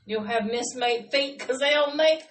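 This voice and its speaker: A woman's voice: sits high, moderate pace, far from the mic. A woman friend chiming in with teasing jokes. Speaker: friend in the audience. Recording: noisy, echoey room from afar.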